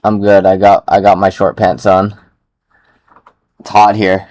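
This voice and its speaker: A man's voice: low voice, completely flat delivery, a little slow, darkish tone, no room sound. A man streaming while he codes, chatting casually with jokes, keyboard typing behind him. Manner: joking, laid-back. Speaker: streamer coding live. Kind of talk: casual chat while coding.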